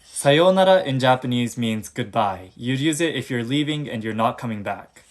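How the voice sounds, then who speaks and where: A man's voice: mid-range voice, expressive, moderate pace. A young man giving a comedic short-form language lesson, jokey and playful, full of puns, recorded on a phone. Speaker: language teacher on short videos.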